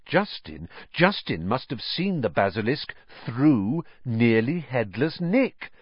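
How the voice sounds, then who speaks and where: Eager boy wizard, voiced by a man, urgent, excited, lively pitch, dry close sound. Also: husky, dry recording, lo-fi sound. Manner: urgent, excited working-out of clues. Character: anxious eager boy wizard, about twelve.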